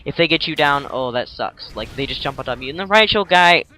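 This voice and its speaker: A man's voice: fairly high pitch, lively intonation, fast talker, sharp tone, slight background noise. A young man casually narrating his gameplay as a tutorial, rambling and jokey, acting out enemies in silly voices.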